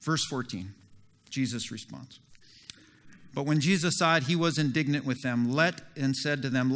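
A man preaching a sermon in a lively, conversational way, acting out little scenes as he goes. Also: mid-range voice, normal speed. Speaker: pastor.

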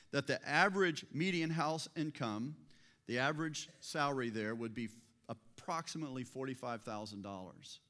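Preaching in a conversational style, this male pastor often poses rhetorical questions to the audience, his mid-range voice carrying a fairly bright tone.

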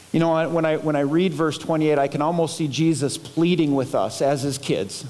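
High-voiced man preaching with passion. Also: darkish tone. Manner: pleading, impassioned preaching with dramatic pauses. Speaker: pastor. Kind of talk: sermon.

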